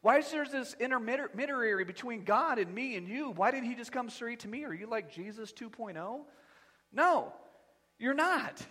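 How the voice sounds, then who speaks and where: Animated high-voiced male pastor. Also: a little fast, few pauses, slightly rough, big-room sound. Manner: animated, conversational preaching with humor. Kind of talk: sermon. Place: church sanctuary.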